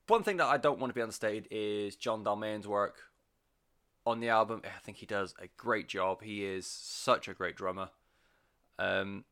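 A man talks through an album in a loose, rambling way, full of fillers and cheerful swearing. His voice sits a little low but sounds bright and forceful. He gets audibly excited about what he loves. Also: creaky. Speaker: album reviewer. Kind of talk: casual spoken music review.

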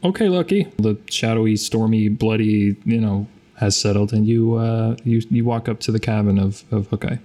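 A man narrating a tabletop role-playing game as game master, halting and repeating words often. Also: on the low side, mellow.

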